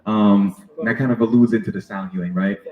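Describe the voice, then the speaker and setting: A man's voice: on the low side, fairly even intonation, brisk, echoey room, lo-fi sound. A man who works as a sound healer, talking in an earnest, reflective way as a podcast guest. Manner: earnest, reflective, many fillers. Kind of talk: casual interview conversation.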